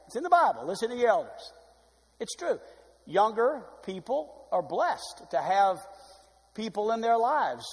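A male pastor delivering a sermon, swinging from loud emphatic calls to hushed, soft passages. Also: sits high. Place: church sanctuary. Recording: long hall reverb.

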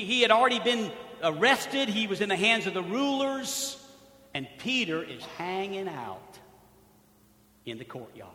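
A man preaching a sermon in a dramatic way, swinging from loud emphasis to hushed rhetorical questions. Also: high voice. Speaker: pastor. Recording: echoey hall, long reverb.

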